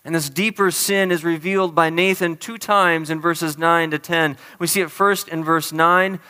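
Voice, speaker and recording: A man preaching a sermon as a pastor, earnest and emphatic, stressing key phrases slowly. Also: a little high, sharp tone, smooth, big-room sound.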